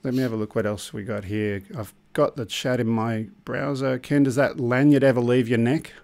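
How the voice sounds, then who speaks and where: A man's voice: medium pitch, fairly even intonation, moderate pace, creaky, a little mellow. A man hosting a live drone stream, chatting loosely and joking while he runs the controls. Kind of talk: casual live-stream chat.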